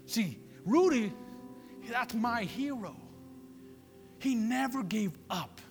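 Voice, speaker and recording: A man preaching a sermon as pastor, swinging between loud peaks and low murmurs. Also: lively intonation, takes it slowly, gravelly, long reverb tail, soft background music. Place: church.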